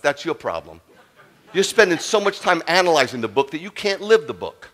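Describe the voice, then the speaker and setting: A man preaching a sermon as a rabbi, telling a story with humor, moving from quiet asides to loud punchlines. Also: a little high, big pitch swings, brisk.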